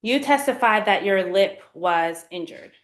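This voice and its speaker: Woman attorney questioning a witness, steady and measured, roomy courtroom sound. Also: medium pitch. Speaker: prosecutor.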